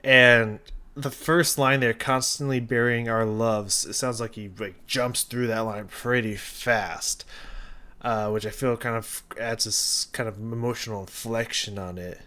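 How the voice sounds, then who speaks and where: Male reaction host, casual song breakdown, halting and rambling, restarts often. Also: medium pitch, steady tone, bright, forceful tone. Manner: rambling, thinking aloud with many restarts and fillers. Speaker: music reaction youtuber.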